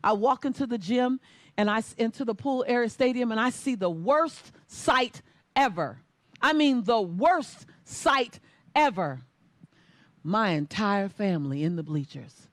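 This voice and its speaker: Woman, motivational speaker, comic storytelling, unhurried delivery, dry close sound. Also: on the high side, dry recording. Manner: animated, acts out every character.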